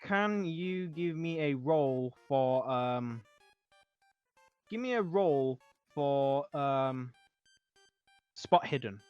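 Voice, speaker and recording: A man's voice: medium pitch, lively intonation, extremely slow, long pauses, smooth, no room sound, soft background music. A man narrating as game master of a tabletop game, hesitant, with lots of fillers. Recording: dull lo-fi sound.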